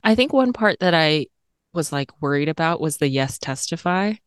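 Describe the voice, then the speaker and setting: A woman from Tennessee with a very low voice chats casually about a poem, with plenty of fillers and quick laughs. Her voice sounds close and dry. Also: animated, no room sound. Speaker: podcast co-host. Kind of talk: casual chat about poetry.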